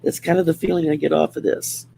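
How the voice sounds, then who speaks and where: A woman's voice: low voice, flat delivery, fast talker, gravelly, dark tone, a little hiss or hum. A woman with a Southern accent hosting a casual livestream, reading oracle cards in a folksy, rambling way with many fillers. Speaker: host doing oracle card readings. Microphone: home setup by a window.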